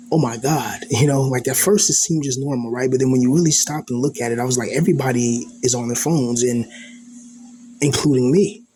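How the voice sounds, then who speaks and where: Man, middle pitch, introspective loose monologue with heavy fillers; light background hiss. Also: a little mellow. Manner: rambling, full of "you know" and "like"; earnest and introspective. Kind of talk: reflective personal monologue.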